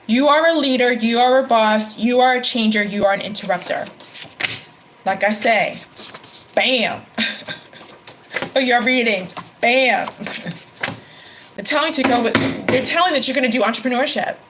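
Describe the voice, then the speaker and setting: A woman's voice: a little high, a little slow, pauses often, noisy background. Emphatic woman giving a tarot reading. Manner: emphatic, repeats phrases, exclaims. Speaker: tarot reader.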